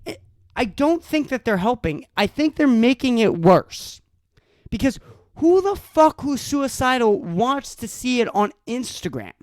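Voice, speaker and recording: A man's voice: extremely high pitch, sing-song, unhurried, a little mellow, no echo, clean studio sound. A man hosting a solo podcast, ranting angrily and profanely, stumbling over restarts as he talks. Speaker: podcast host.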